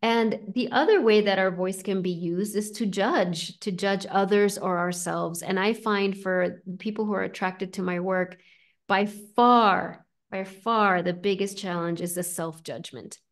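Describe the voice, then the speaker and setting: A woman leads a guided spiritual talk in a gentle, reflective way, her voice sitting at an ordinary middle pitch. She pauses often to check in with listeners, dotting her phrases with "right?" and "like". She is heard through a video-call mic. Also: fairly even intonation. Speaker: host and spiritual teacher.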